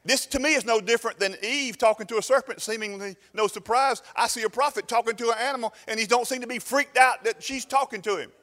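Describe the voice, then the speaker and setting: A man's voice: extremely high pitch, fast talker, few pauses, bright, forceful tone. A man preaching a sermon as pastor, retelling a story and acting out its voices. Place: church sanctuary. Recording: long reverb in a church hall.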